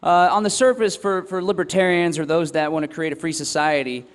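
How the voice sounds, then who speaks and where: A man's voice: on the high side, fairly even intonation, fairly quick, clear, resonant tone. Earnest young man speaking in a hall. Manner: earnest, reflective, frequent ums and restarts. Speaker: festival speaker. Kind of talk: talk to a live audience. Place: event hall or tent. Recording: long hall reverb.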